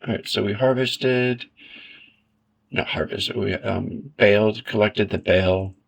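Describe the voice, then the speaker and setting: Slow gravelly man narrating gameplay. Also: on the low side, dull audio. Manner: relaxed, self-deprecating, thinks aloud. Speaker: gaming video creator. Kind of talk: casual gameplay commentary.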